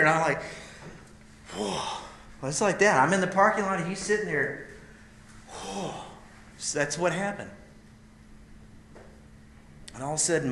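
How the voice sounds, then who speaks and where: Male preacher, heartfelt storytelling, goes loud then hushed, roomy live sound. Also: on the high side, a little hiss or hum. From Idaho, USA. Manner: emotional, intimate storytelling that swells and drops. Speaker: speaker at a men's gathering. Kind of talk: sermon storytelling.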